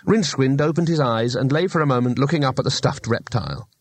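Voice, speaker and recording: A man's voice: medium pitch, quick pace, slightly rough. A man narrating a comic fantasy audiobook in a dry, wry storytelling manner. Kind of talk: scripted narration.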